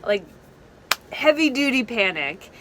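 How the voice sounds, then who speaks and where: A woman's voice: a little high, sing-song, takes it slowly, crowd noise. A young woman vlogging outdoors at night beside a beach, frazzled and emotional, swearing and laughing nervously. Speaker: van life vlogger. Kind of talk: casual vlog.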